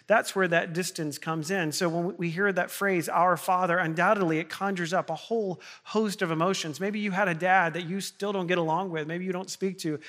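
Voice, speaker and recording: A man preaches a sermon from the pulpit with a bright, forceful voice that sits a little high for a man. His delivery is earnest and heartfelt, and it builds to impassioned appeals to his congregation. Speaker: pastor.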